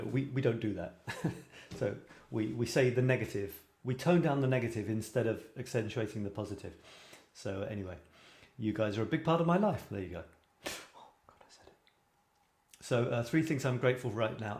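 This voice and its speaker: A man's voice: mid-range voice, darkish tone. A British man hosting a live creative writing show, reading viewers' writing aloud and chatting in a rambling, self-deprecating way. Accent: British English. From Britain. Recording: roomy echo.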